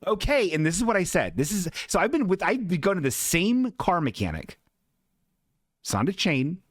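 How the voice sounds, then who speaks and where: A man in a comedy podcast rambles through a profanity-laced story at his own expense. His pitch leaps high and drops low with lively swings. The sound is dry and close. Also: normal speed, no room sound. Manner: rambling, profane and self-mocking. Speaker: podcast host.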